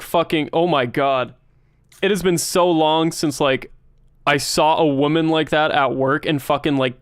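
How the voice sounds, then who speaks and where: A man telling stories casually on a livestream, animated and profane, often laughing. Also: a little high, clear, resonant tone, no room sound, studio quality. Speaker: streamer.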